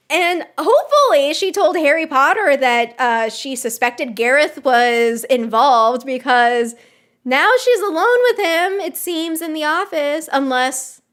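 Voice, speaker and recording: Young woman, live-stream reaction, giggly and excitable, high voice, lively pitch swings.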